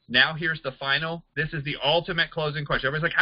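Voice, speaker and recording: A man teaching a sales and recruiting class, talking fast and acting out bits of dialogue as he explains. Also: dry recording, muffled recording. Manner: energetic, acts out quoted dialogue with pitch jumps. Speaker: network marketing trainer. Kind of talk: recorded online class.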